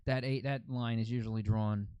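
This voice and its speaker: A man's voice: medium pitch, steady tone, normal speed, darkish tone, clear, resonant tone, no room sound, highs cut off. A man hosting a podcast in casual chat, easygoing and rambling, laughing along with his guest. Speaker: podcast host.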